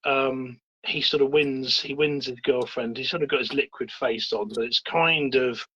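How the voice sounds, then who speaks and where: A man co-hosting a film podcast, talking in a rambling, halting way with lots of fillers and restarts. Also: medium pitch, fairly even intonation, sharp tone, breathy edge, highs cut off. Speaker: podcast co-host. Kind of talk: casual film chat.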